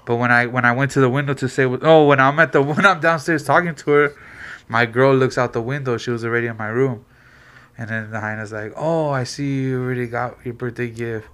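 A man's voice: medium pitch, a little fast, smooth. A man on a podcast telling a long story in casual street slang, acting out what people said. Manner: animated slangy storyteller, acts out quotes. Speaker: podcast co-host.

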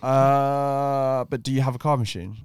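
A man's voice: mid-range voice, fairly even intonation, measured pace, a little mellow, clean tone, no room sound. A man co-hosting a podcast in casual banter, reading things out with dry, sarcastic asides. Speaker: podcast co-host.

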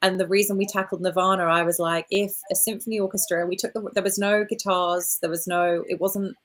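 An Australian woman who founded an orchestra is interviewed as a guest, speaking briskly in a mid-range voice. She answers in an animated, storytelling way, acting out quotes and using fillers like "look" and "you know."

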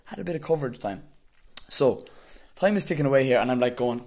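Animated Irish man telling a story. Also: medium pitch, quick pace, husky. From Ireland. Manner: animated, laughing as he tells it. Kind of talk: casual storytelling.

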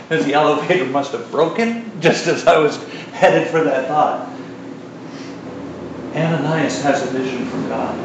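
A middle-aged man preaching a sermon in a casual, joking style, full of asides and lively retellings. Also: fairly high pitch, unhurried, very echoey, far from the mic, noisy background.

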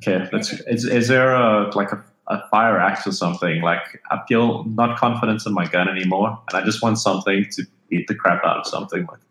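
A man's voice: lowish voice, fairly quick, hardly any pauses, fairly bright tone. A man playing a tabletop game, talking casually as his character and repeating himself. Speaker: player. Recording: roomy echo.

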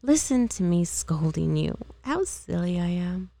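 A woman reading aloud, voicing an earnest young woman who gently scolds her younger sister. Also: fairly low pitch, sing-song, unhurried, gravelly, no echo, full character voice. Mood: chiding.

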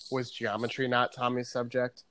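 A man's voice: medium pitch, monotone, normal speed, a bit bright, slight background noise. A man co-hosting a podcast, chatting casually and rambling with restarts. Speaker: podcast co-host. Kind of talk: casual chat.

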